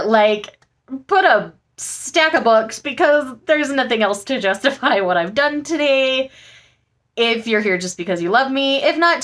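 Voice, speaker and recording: A woman's voice: fairly high pitch, a bit bright. A woman vlogger chatting casually and gushingly about the books she just bought, with frequent fillers. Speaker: book vlogger. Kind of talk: casual haul chat.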